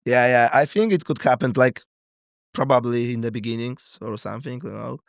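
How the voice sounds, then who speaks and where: A man's voice: mid-range voice, creaky, no room sound, clean studio sound. A man from Poland speaking English with a Polish accent as a guest comedian, chatting casually and searching for words. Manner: halting, searching for words, many fillers. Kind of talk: casual podcast chat.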